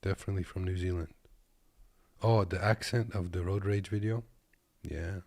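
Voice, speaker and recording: A man's voice: deep voice, fairly even intonation, moderate pace, darkish tone, no echo. A man from Kazakhstan who drives trucks, giving laid-back, joking reaction commentary from his desk. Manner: laid-back, joking, talks to viewers as "boys".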